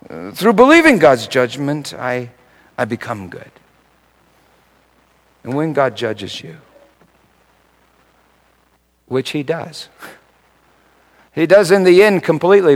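A male pastor preaching a sermon and telling a personal story, dropping to a hush and then rising to loud, emphatic delivery. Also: medium pitch, rough recording. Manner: swings from hushed to loud emphatic.

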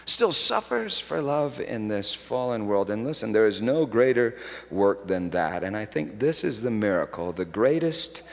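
A man preaching a sermon, swinging from hushed, slow phrases to loud, soaring outbursts. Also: fairly low pitch, long reverb tail.

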